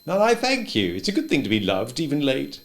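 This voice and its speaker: A man voicing a wry, stubborn old male farmer who speaks gently and thoughtfully, a bit louder than his narration. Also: mid-range voice, huge pitch swings, brisk, pitched above the performer's own voice. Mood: wistful.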